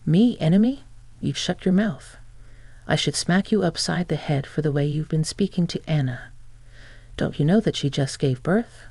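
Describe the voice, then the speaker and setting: A woman's voice: low voice, normal speed, warm tone, no room sound. A reader voicing a fierce scolding mother-in-law.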